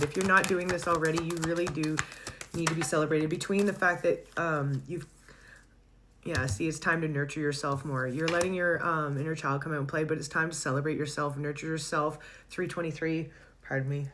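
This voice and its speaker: Low-voiced woman giving a chatty tarot reading. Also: fairly even intonation, a little fast, background noise. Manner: chatty, warm-hearted, laughs often, searches for words. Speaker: tarot reader.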